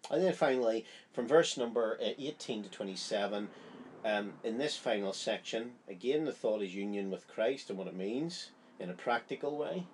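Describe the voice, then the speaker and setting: A man's voice: lowish voice, lively intonation, moderate pace, a little hiss or hum. A man giving a Bible study, explaining a chapter in an earnest, conversational way. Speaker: Bible teacher.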